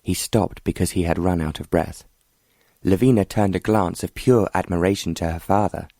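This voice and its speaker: A man reads an audiobook in steady, scripted narration. His voice sits very low, and the recording is dry and close. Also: moderate pace, no room sound.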